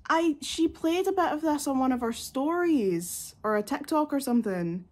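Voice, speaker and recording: A woman's voice: high-pitched, expressive, moderate pace. A woman, chatting casually and gushingly as a music reaction vlogger, with lots of fillers.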